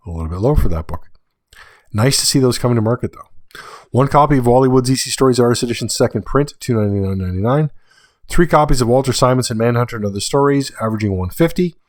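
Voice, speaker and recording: A man's voice: mid-range voice, no echo. Tired male podcast host reading prices. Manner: reads sale prices in a list, with dry asides. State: tired, late-night. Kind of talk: solo podcast monologue.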